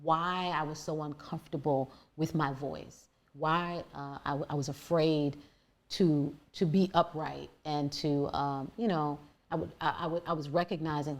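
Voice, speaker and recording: Deep-voiced woman, earnest storytelling. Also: steady tone, unhurried. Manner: earnest, searching, many restarts and fillers. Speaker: podcast guest. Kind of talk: reflective conversational storytelling.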